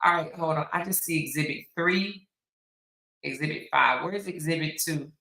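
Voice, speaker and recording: A woman's voice: deep voice, moderate pace, creaky, sharp tone, echoey room, low-quality recording. A woman hosting a casual live stream, chatting with viewers in an exclamatory way. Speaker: commentary host reviewing court recordings.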